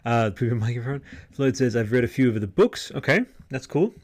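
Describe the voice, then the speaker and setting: A man's voice: mid-range voice, expressive, normal speed, darkish tone. A man hosting a podcast livestream, chatting casually and rambling with lots of fillers and restarts. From Australia. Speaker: podcast host. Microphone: headset microphone.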